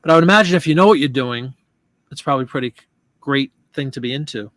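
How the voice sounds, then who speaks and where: A man's voice: medium pitch, quick pace, a bit bright, no echo. Guy hosting a live chat, rambles and restarts a lot, dead dry sound. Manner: chatty, rambling with restarts and asides. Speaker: live show host.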